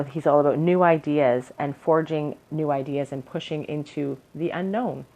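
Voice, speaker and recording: A woman's voice: deep voice, mellow, rough recording. A young woman giving an encouraging, earnest pick-a-card tarot reading to her viewers. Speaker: tarot reader.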